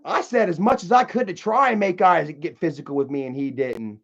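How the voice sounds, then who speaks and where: A man's voice: a little high, fairly quick, fairly bright tone, lo-fi sound. A man streaming live, telling rambling, profane stories to his chat and laughing along as he goes. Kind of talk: casual storytelling to chat.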